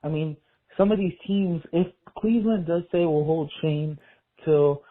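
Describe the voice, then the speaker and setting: A man from New Jersey calls in to a fan show and thinks aloud as he rambles. His voice is a little high and husky. It comes through a tinny phone line. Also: measured pace. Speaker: caller.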